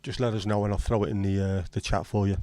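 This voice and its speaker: Laid-back bloke, low mellow voice, dry close sound, chatting to his stream. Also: fairly even intonation, quick pace, no room sound. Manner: easygoing, jokey, responds to chat messages. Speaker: livestream host. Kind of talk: casual livestream chat.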